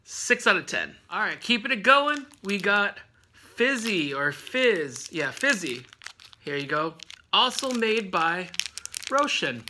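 A man's voice: high voice, sing-song, slow, sharp tone, slight background noise. A man hosting a casual snack review vlog at home, rambling with lots of fillers and laughing often.

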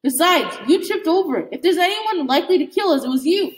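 A woman's voice: very high voice, animated, fast talker, far from the mic. A woman voicing a menacing teenage boy bully with a taunting, hostile manner. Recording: echoey room.

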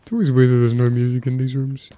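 A man's voice: mid-range voice, little pitch movement, quick pace, warm tone, no room sound. A young man casually commenting on his gameplay while streaming, playful and profane.

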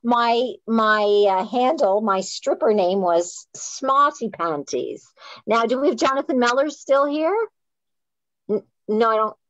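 A woman's voice: on the high side, unhurried, no room sound. A woman who is an author and playwright, telling a story casually with lots of restarts. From Canada. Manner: animated, self-deprecating, frequent restarts. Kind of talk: casual storytelling on a live chat. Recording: dull, dry sound.

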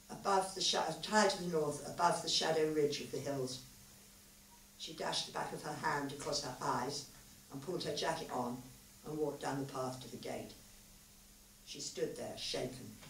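A woman author reading her own literary story aloud at a live event, measured and expressive. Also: low voice, a little hiss or hum. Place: literary festival venue, live audience. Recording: echoey hall, mic far off, faint ambience.

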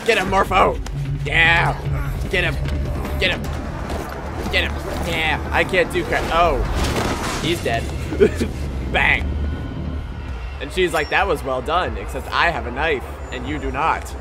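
A man giving let's play commentary, excitable and jokey, talking back at the game as he plays. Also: on the high side, takes it slowly, long pauses. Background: game music and sounds.

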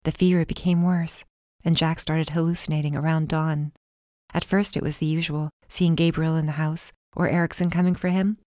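A woman narrating a first-person audiobook in a calm, measured way. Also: low-pitched, no room sound, studio quality.

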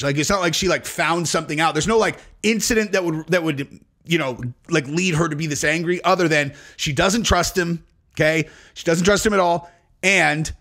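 A man's voice: a little high, sharp tone. A man in his forties, a podcast host, telling a rambling, profane story in casual talk and laughing at it.

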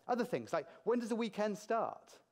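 Lively British man giving a conference talk. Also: high voice, normal speed, in a large hall. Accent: British English. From Britain. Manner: lively, jokey, asks the audience questions. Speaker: conference speaker. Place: large conference hall with audience.

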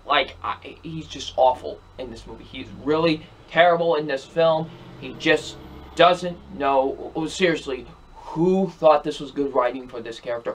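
An exasperated young man rants through a movie review, hammering the same points again and again. His voice sits fairly high for a man, and his talk is emphatic and repetitive. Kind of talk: ranting film review.

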